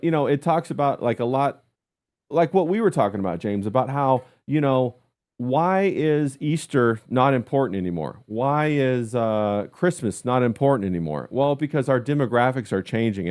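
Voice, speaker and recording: A man hosting a livestream in casual chat, halting with many fillers as he reads the chat aloud. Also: medium pitch, animated, darkish tone. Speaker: livestream host.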